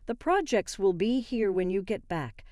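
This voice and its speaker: A woman voicing a concerned male boss who gives calm, kindly advice. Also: medium pitch, moderate pace, no room sound, clean studio sound, close to an everyday voice.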